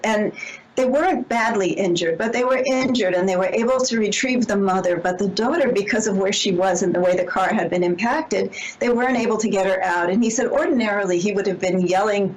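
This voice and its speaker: A woman's voice: mid-range voice, fairly quick, poor audio. Woman on a radio interview, medium voice, earnest storyteller, keeps restarting sentences. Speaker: author and guest.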